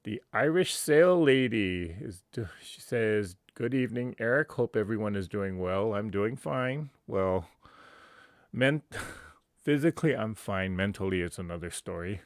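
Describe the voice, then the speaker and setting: A man's voice: on the low side, animated, takes it slowly, dry recording, clean studio sound. A man hosting a casual livestream, chatty and laughing often as he greets viewers by name. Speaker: livestream host.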